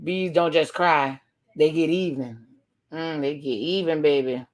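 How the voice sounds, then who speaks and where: Low-pitched and a little slow, this reaction video host chats her way through a TV episode. She narrates the scenes aloud and throws in exclamations as she reacts.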